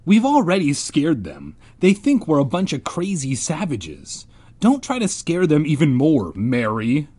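A man reading aloud as a stern, bossy boy who leads a group of gray children, with a husky voice. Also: mid-range voice, sing-song, slow pace, dark tone, heavily acted. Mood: scolding. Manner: bossy, scolding.

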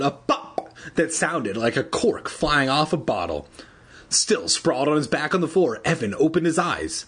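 A man's voice: fairly high pitch, sing-song, measured pace, a bit bright, breathy edge. A man reading a children's book aloud casually, adding joking asides and laughing at his own slips. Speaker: reader.

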